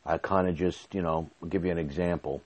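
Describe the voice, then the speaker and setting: A man's voice: deep voice, steady tone, a little fast, darkish tone. A man hosting his own podcast, talking candidly and rambling with restarts, a little out of breath. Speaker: podcast host. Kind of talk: personal podcast monologue.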